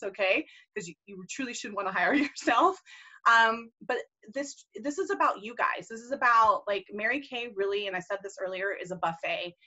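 A woman's voice: mid-range voice, pushed and bright, muffled recording. A woman leading a team video call, enthusiastic, casual and gushing as she encourages her group. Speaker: team leader and mentor.

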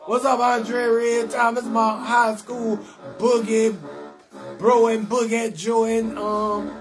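A man riffs loudly and playfully, greeting viewers in a rambling, sing-song patter. He hosts a casual live stream from his bed at home, with faint music playing behind him. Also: very high-pitched, little pitch movement, slow. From New Orleans. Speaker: comedian hosting a live call-in show.

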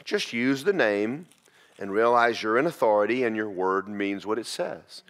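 A man teaching a church class, preaching in a folksy, animated storytelling way. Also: on the low side, normal speed. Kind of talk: sermon.

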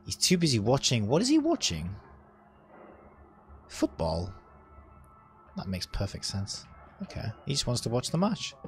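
A young man giving casual, sarcastic gameplay commentary, chatty and swearing, with sudden loud outbursts. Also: mid-range voice, huge pitch swings, unhurried, long pauses, slight background noise. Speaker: let's play gamer.

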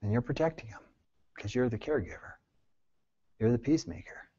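A male therapist leading a support group, talking earnestly and reassuringly, moving between soft, hushed phrases and emphatic bursts and asking the group many questions. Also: mid-range voice, lively intonation, brisk, husky. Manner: pleading, reassuring, asks the group frequent questions. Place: group session room. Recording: dull lo-fi recording.

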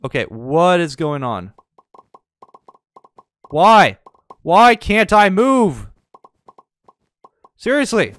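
High, excitable male gamer. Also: drawn-out words, long pauses, no echo. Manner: excitable, panicky yelps and dramatic pleading; sarcastic, mock-indifferent asides. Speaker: gaming YouTuber. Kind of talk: casual gameplay commentary.

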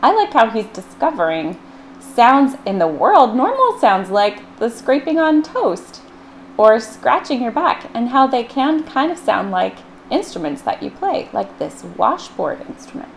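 Lively librarian lady reading a kids' story, slow and sing-song, acting out the sounds, faint hiss behind. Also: fairly high pitch, vocal fry. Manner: playful, acts out sound words with big swings in voice. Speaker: children's librarian. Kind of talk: storytime read-aloud.

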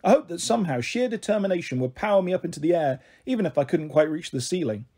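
A man reading a children's book aloud in an expressive way. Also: a little high, fast talker, husky. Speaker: storyteller.

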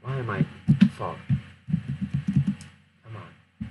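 A man giving casual, self-mocking commentary while playing a game, speaking low and softly and talking to himself. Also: fairly even intonation, slow pace, over loud music, poor audio. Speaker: gameplay commentator.

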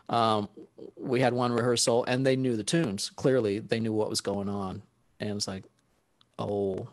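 A guest saxophonist with a fairly low voice tells stories casually and animatedly, laughing often and acting out what people said. There's no echo on the recording.

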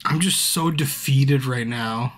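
A drunk man streaming a game and talking straight to his viewers in loose, casual chat. He sounds frustrated and swears constantly, with a voice sitting at an ordinary middle pitch. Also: slow pace, fairly bright tone. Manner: frustrated, swears a lot, talks to viewers by name.

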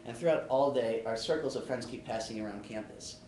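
A man's voice: medium pitch, a little fast, a little mellow, a little hiss or hum. A young man giving a classroom speech, telling a humorous personal anecdote. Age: young adult. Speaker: student speaker. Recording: roomy sound from a distant camera.

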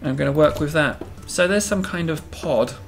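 A man's voice: a little high, moderate pace, creaky, soft background music. A man hosting a game video, giving casual, self-amused commentary and thinking aloud as he builds.

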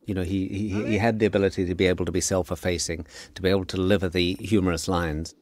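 Very deep-voiced man recalling film shoots. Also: quick pace, dry recording. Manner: relaxed anecdotal, many fillers. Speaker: film director. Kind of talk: DVD audio commentary.

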